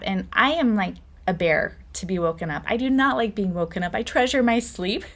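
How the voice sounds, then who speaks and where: A woman's voice: a little high, a bit bright. A middle-aged woman hosting a podcast, telling stories in a chatty, casual way and laughing often. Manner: chatty storytelling with frequent laughter. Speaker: podcast host.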